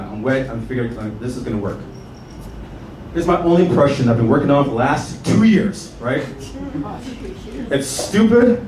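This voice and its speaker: A man from Canada performing a stand-up comedy set, telling stories animatedly and acting out voices. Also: mid-range voice. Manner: animated storytelling with acted-out voices. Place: comedy club stage with audience laughter. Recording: echoey club room from a distance with noise.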